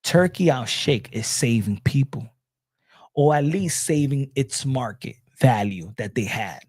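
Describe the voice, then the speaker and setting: A man's voice: medium pitch, lively intonation, measured pace, a little mellow, no echo, studio quality. A man giving a casual boxing opinion rant, blunt, profane and mocking. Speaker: boxing commentator.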